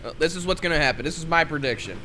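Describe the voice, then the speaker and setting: A man's voice: on the high side, racing, noisy background. A man co-hosting a casual podcast who makes blunt predictions and swears freely. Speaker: podcast co-host.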